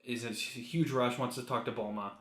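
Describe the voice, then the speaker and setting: A man co-hosts a podcast in a casual, joking way, with a voice of ordinary middle pitch. He retells the episode in a relaxed, chatty manner. The recording has a roomy echo around him. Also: a little fast. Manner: joking, acts out characters' lines while recapping. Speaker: podcast co-host. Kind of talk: casual chat recapping an anime episode.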